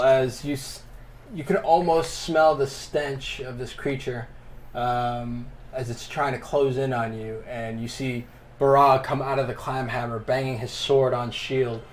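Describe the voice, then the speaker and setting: A man running a tabletop game as game master, narrating the action in a loose, animated way with bursts of excited whoops. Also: mid-range voice, a little slow, slight background noise.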